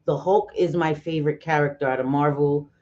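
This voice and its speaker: A woman's voice: sits low, steady tone, a little fast, mellow, lo-fi sound. A woman in her forties, chatting casually on a live stream, greeting viewers by name and swearing freely. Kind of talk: casual chat.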